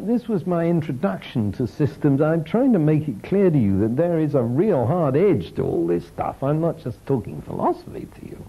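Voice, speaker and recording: A man's voice: a little high, normal speed, hardly any pauses, breathy edge, muffled recording. An older man giving an informal lecture, telling stories with a chuckle. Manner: lively storytelling, chuckling.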